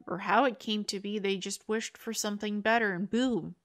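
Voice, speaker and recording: A woman's voice: mid-range voice, steady tone, moderate pace. A woman hosting a spiritual interview show, talking in an earnest, upbeat way and acting out inner voices as she explains. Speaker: host.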